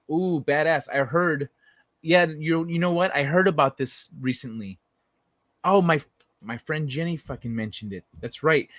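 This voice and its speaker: His voice runs a little high with a fairly bright tone, and there's no room sound. He's a young adult man hosting a late-night livestream, casually reading messages from viewers, swearing and rambling with plenty of restarts.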